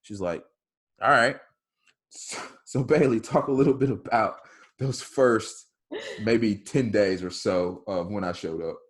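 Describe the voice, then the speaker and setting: A man, a softball hitting coach, telling a story on a video call in a loud, bold way and acting out both sides of the dialogue. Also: on the low side, measured pace, breathy edge.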